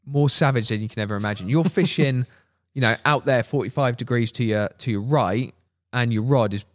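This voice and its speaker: A man telling a fishing story as a podcast guest, animated, laughing and acting out what people said. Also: medium pitch, fairly quick. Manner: animated, laughing, acts out quotes. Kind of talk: casual storytelling.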